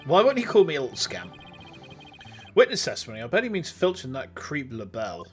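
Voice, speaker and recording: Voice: mid-range voice, wildly swooping pitch, fast talker, faint music behind. A streamer giving casual, chatty commentary over a video game, swearing freely.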